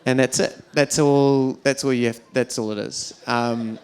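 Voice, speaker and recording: A man's voice: medium pitch, fairly even intonation, a little slow, a little hiss or hum. A man doing a stand-up comedy routine on stage at a fundraiser, telling wry, self-deprecating stories with lots of fillers.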